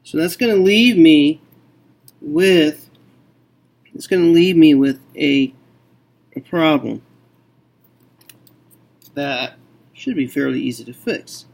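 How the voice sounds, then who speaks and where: A man teaching a math lesson, working through a problem slowly and thinking aloud with frequent okays. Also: on the high side, vocal fry.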